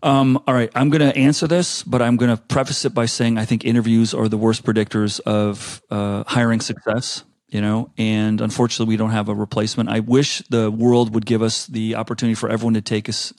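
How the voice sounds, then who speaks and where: A man chatting as a podcast guest, telling stories in an animated way with frequent restarts. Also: fairly low pitch, fairly quick, few pauses, no room sound, clean studio sound. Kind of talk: casual interview chat.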